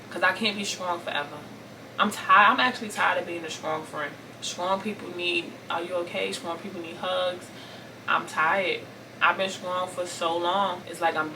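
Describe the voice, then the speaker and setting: A woman from Brooklyn in her thirties, venting on camera about family pain, raw and tearful, repeating herself as she swings from forceful to soft. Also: on the low side, recorded from a distance, background noise. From Brooklyn, New York. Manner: raw and tearful, repeating phrases, rising intensity then soft pleading. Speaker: vlogger. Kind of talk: emotional storytime vent to camera.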